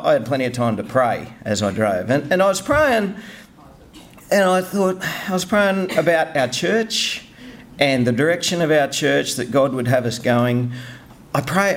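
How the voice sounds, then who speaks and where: A middle-aged man giving an informal, self-deprecating sermon, often restarting his sentences. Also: medium pitch. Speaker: lay preacher.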